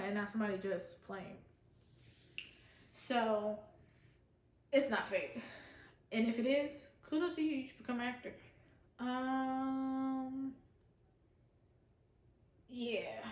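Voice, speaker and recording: A woman's voice: a little high, echoey room. A woman casually giving an opinionated, chatty review of a reality show. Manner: chatty, opinionated, quotes others in voices. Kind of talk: casual chat.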